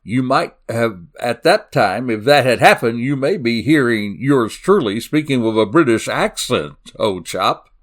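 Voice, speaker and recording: A Southern man hosts a true-crime podcast, narrating in a folksy, dramatic style with sudden swings in pitch. His animated voice keeps a measured pace with few pauses.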